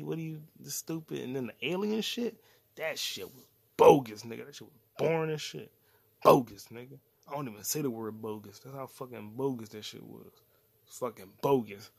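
A man's voice: mid-range voice, creaky, slightly rough, dry recording. Profane rambling young man podcasting solo. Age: 20s. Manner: profane, rambling, loose slang-heavy delivery. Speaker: podcast host. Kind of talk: casual solo podcast rant.

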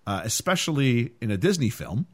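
Lively-voiced man hosting a film podcast. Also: mid-range voice, a little fast. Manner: animated, chatty with frequent fillers. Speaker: podcast host. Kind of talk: casual film discussion.

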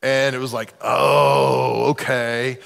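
A man teaching a leadership class to a live group, telling stories in an animated way and acting out the voices of the people he quotes. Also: medium pitch, slow, creaky. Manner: animated, acts out quoted voices, self-deprecating. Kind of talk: storytelling talk to a live group. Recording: long reverb of a hall.

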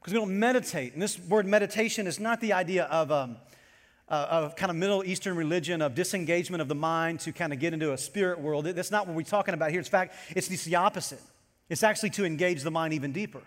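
A man preaching a sermon to his congregation as pastor, animated and storytelling as he goes. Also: fairly high pitch, fast talker, in a large hall.

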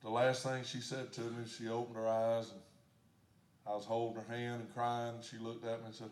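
A man pastor preaching a sermon, swinging from shouted declarations down to hushed storytelling. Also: mid-range voice, flat delivery, moderate pace. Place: church sanctuary. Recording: echoey church sanctuary.

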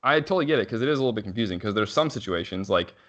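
Fast-talking low-voiced man, bright tone. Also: animated, muffled recording. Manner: rambling, frequent "like" fillers and self-restarts, quick laughs. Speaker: father telling a story. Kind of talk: casual conversational chat.

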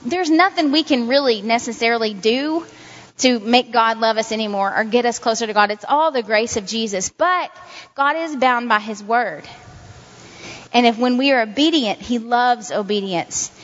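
A woman's voice: fairly high pitch, normal speed, fairly bright tone. A woman giving informal devotional teaching as a Christian speaker, talking in an earnest, repetitive, conversational way. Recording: dull sound in a reverberant hall.

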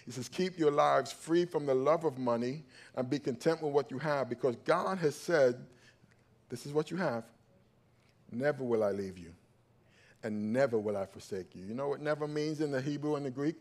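A male pastor preaching a sermon, calling out to his congregation and swinging from loud emphatic peaks to low quiet stretches. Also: moderate pace. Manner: calls out to the congregation for response.

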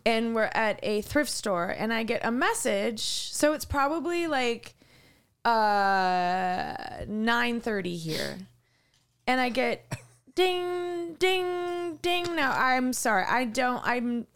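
Gravelly-voiced woman telling stories. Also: on the high side. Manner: animated storyteller who acts out other people's voices; halting, with frequent restarts. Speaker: podcast co-host. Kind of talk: casual chat.

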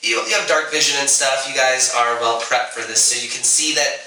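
A man narrating a tabletop game as game master, relaxed and halting with fillers. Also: medium pitch. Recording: echoey room, distant mic, faint noise.

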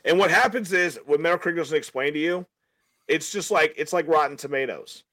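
Rambling opinionated podcast host. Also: male voice, fairly high pitch, brisk, no room sound. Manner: rambling, animated opinionated rant with restarts. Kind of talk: casual podcast chat.

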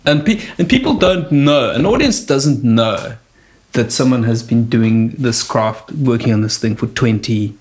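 A man's voice: medium pitch, expressive, a little slow, darkish tone. A man, a comedian hosting a casual chat and reminiscing. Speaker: comedian and host.

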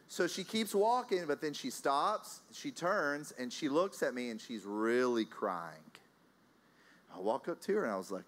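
A man from Texas with a Texan accent preaching a sermon. He tells a story in a lively, conversational way, chuckling often and calling out to the congregation. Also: medium pitch, moderate pace.

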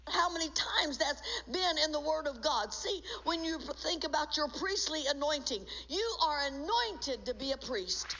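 A woman pastor preaches with fervor, her voice very high and sharply bright. She swells into shouts and tearful cries. The recording sounds dull and lo-fi. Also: a little hiss or hum. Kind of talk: sermon.

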